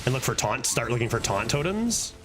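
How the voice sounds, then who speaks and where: A man's voice: medium pitch, a little fast, music in the background. A man streaming a card game, chatting casually, swearing and breaking into laughing outbursts. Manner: animated, swears often, frequent laughing outbursts. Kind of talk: casual gameplay commentary.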